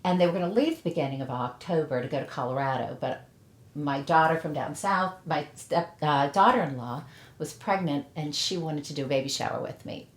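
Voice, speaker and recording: Low-voiced middle-aged woman, roomy sound. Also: brisk. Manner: emotional retelling, acts out quoted voices. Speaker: interviewee. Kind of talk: documentary interview.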